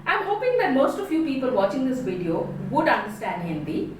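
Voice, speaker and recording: An Indian woman trainer delivers a lesson, stressing words expressively. Her voice is high and swings widely as she talks fast. The sound is echoey and set well back from the mic. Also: big pitch swings, slight background noise. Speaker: communication trainer. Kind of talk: spoken lesson. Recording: echoey room, distant mic.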